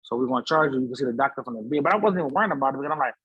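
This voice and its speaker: Podcast guest, man, husky voice, slangy animated storyteller, dry close mic. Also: mid-range voice, racing, no room sound, muffled recording. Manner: slangy, repeats "so I'm like", acts out voices. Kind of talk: animated storytelling in casual conversation. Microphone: studio podcast mic.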